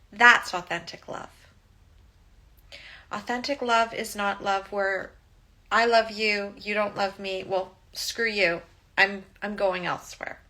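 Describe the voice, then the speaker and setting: A woman's voice: medium pitch, steady tone, slow pace, sharp tone. A woman talking to camera in a personal vlog, retelling with emotion and many "like"s. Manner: emotional, heartfelt retelling with frequent "like". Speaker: childbirth educator and coach.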